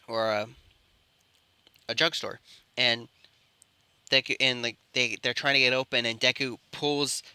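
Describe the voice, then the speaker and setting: A man's voice: mid-range voice, sharp tone, clean tone, no room sound. A man improvising a fan-fiction story, rambling and often correcting himself. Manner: rambling, with frequent self-corrections. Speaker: storyteller and channel host.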